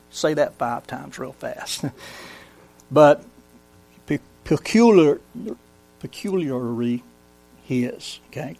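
A man teaching a Bible study in a conversational way, asking the congregation questions and reading scripture slowly. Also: mid-range voice, gravelly. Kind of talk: sermon-style Bible teaching.

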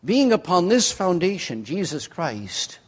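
Male pastor, sermon delivery, unhurried and emphatic, long hall reverb. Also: very animated. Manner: slow, emphatic delivery with sweeping pitch. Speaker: preacher. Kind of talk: evening sermon.

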